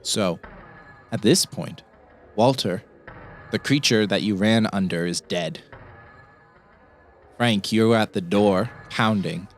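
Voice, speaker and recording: A man narrating as game master of a tabletop horror game, with slow, drawn-out descriptions. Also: on the low side, faint music behind.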